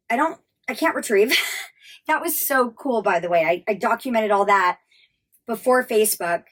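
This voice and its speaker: A high-pitched American woman in her thirties speaks straight to her viewers. She recounts her past with raw, candid emotion and swears freely. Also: fairly bright tone. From United States. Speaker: travel vlogger. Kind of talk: emotional storytelling.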